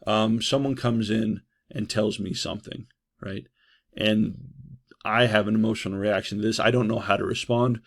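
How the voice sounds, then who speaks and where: A man leads a trauma-response training session. His voice is gravelly, and his delivery stays loose and conversational, checking in with "right?" and pausing on "uh" between points. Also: fairly low pitch, fairly even intonation. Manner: conversational, frequent "right?" and "uh" fillers. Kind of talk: training lecture.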